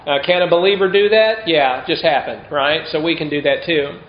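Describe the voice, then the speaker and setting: Speaking briskly, a pastor whose voice sits a little high gives a relaxed, conversational sermon peppered with rhetorical questions. The sound is echoey, dull, and somewhat lo-fi, as if in a roomy space.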